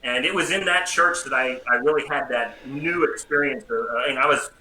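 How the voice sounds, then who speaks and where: A middle-aged American man, a priest and psychology professor, tells his story as an interview guest with lively, self-deprecating humor. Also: medium pitch, moderate pace. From United States. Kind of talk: personal testimony in a casual interview. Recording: roomy echo with faint background noise.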